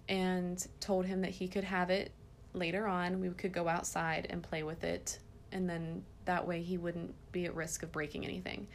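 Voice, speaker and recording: A woman in her thirties hosting a parenting podcast, telling a story about her kids in an earnest, gentle way. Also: lowish voice, a little hiss or hum. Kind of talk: casual parenting podcast talk.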